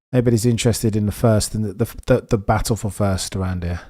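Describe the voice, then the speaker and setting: A young man with a Birmingham accent and a low voice, talking over a motor race as it happens. He chats casually and excitably, reacting to the action and answering his viewers. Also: brisk, few pauses. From England. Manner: chatty, excitable, reads and answers viewer messages. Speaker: livestream host. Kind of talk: casual live race commentary.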